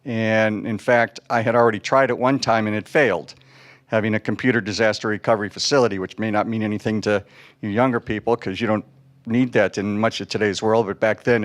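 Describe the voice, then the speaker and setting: A man in his sixties from Chicago, a panelist telling his career story in a halting way, full of fillers and restarts. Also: lowish voice. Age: 60s.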